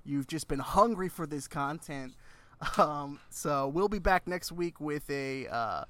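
A man's voice: fairly high pitch, animated, slow, fairly bright tone. A man co-hosting a podcast in casual chat, laughing often and talking with animation. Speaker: podcast co-host.

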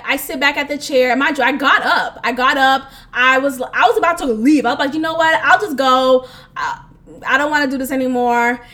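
High bright-voiced woman podcast host. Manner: animated, emotional, laughs often, swears. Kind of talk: casual storytelling monologue.

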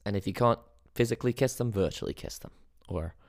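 A man's voice: fairly low pitch, fast, no echo, clean studio sound. A man in his twenties hosting a solo podcast, rambling playfully and mocking himself. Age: 20s. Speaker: podcast host.

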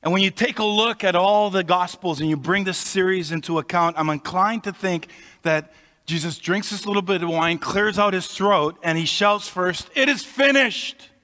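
A man preaching from the pulpit, his slightly higher-than-average voice carrying through a long hall reverb. He explains things in a conversational way and pauses for emphasis between phrases. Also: fairly even intonation, sharp tone. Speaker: pastor. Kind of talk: sermon.

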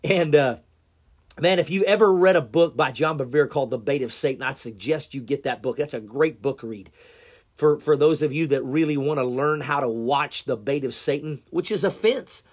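A man's voice: a little high, normal speed. Man preaching in rambling, conversational style. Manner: conversational and repetitive, with frequent fillers and restarts. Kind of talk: informal sermon.

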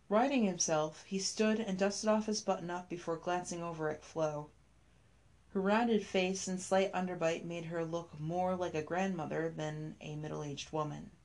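A woman reading a scripted story aloud, telling it in a measured, even way. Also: lowish voice.

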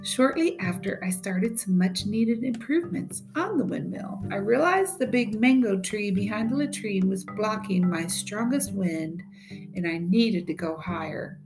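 A woman teacher reads a memoir aloud at an even, measured pace, her pitch in an ordinary middle range. Soft plucked guitar music plays beneath her voice throughout. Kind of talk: audiobook reading of a memoir.

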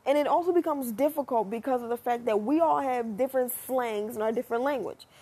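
High, breathy American woman chatting. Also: quick pace. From United States. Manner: chatty, animated, swears freely. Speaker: vlogger. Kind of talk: casual monologue to camera.

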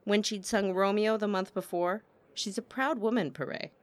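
A woman's voice: mid-range voice, moderate pace, voice pushed up, natural voice. A woman voicing a sly, gossipy male opera manager who needles his rival with false innocence.

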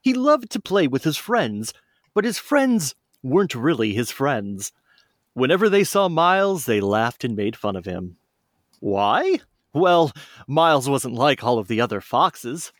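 A man's voice: medium pitch, very animated, unhurried, no echo, studio quality. A man who co-hosts a podcast, reading a children's story aloud in a playful way and chatting casually. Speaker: podcast co-host.

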